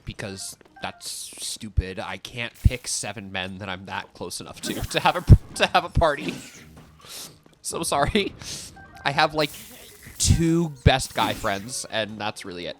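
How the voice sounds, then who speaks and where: A man's voice: lowish voice, lively intonation, measured pace, over music. A young man chatting casually while he streams a game, rambling with many fillers and swearing now and then at what happens on screen. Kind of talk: casual chat while gaming.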